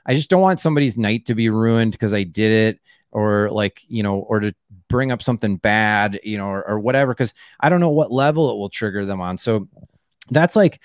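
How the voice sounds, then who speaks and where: A male comedian guest with a lowish, smooth and resonant voice. He rambles in casual chat, padding every thought with "like" and starting over, and the sound is dry and close. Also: brisk, no echo. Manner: rambling, full of "like" and restarts.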